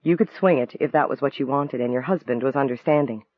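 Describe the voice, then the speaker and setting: A man voicing a quiet, sad, guarded man with a subdued, pensive delivery. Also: medium pitch, quick pace, natural voice. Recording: dry, tinny phone-like sound.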